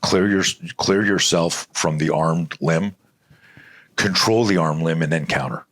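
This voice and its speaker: Very deep husky man telling a story. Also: measured pace. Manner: animated, blunt storyteller who swears freely. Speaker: podcast guest, self-defense instructor. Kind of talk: storytelling in a conversational interview.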